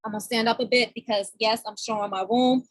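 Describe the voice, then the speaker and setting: A woman's voice: fairly high pitch, fairly even intonation, quick pace, dry recording, rough recording. A woman chatting on a group call, talking aloud while she searches for something to share. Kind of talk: casual chat on a group call.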